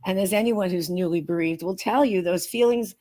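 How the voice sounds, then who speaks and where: A woman with a slightly low voice, sitting in a studio as an interview guest. she tells a long personal story earnestly and with animation, often stopping to restart her sentences before pushing on. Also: a little fast, mellow. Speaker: guest, author and researcher.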